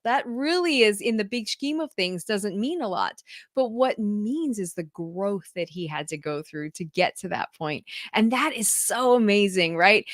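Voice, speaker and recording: Woman, parenting coach, high voice, bubbly and chatty, dry close recording. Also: bright, forceful tone, no room sound. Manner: bubbly, enthusiastic, laughs often. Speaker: parenting leadership mentor; mother. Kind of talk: casual live chat to viewers.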